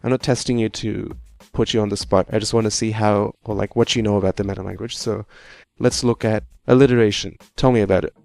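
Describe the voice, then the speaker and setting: A man's voice: lowish voice, fairly even intonation, quick pace, vocal fry, a little mellow, no echo. A young adult man tutoring a student one-on-one over a video call, explaining at length and tagging his sentences with "right?".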